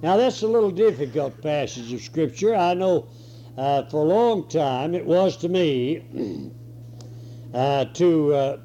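A man preaching a sermon and reading scripture, hoarse with a cold and clearing his throat now and then. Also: fairly high pitch, dark tone. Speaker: pastor. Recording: dull lo-fi recording.

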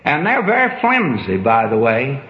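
A man's voice: medium pitch, huge pitch swings, moderate pace. Older man preaching in an echoey hall. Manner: folksy, emphatic storytelling preacher. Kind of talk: sermon. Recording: dull echoey hall recording.

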